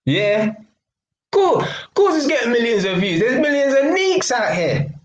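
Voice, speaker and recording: A man's voice: very high voice, very animated, measured pace, lo-fi sound. A young man, chatting bluntly and mockingly on his own live stream. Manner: blunt and mocking, London slang, frequent laughs. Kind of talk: casual live stream chat. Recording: echoey room.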